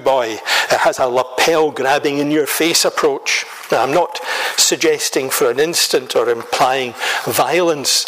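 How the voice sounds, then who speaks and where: A man from Scotland delivers a sermon with a somewhat higher voice. He preaches in a measured, emphatic way, stacking rhetorical lists and questions. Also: a bit bright, low-quality recording.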